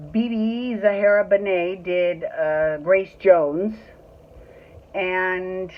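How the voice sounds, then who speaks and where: A woman hosting a casual solo recap show, chatty and gushing, with plenty of profanity. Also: fairly low pitch. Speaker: podcast host. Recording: tinny phone-like audio.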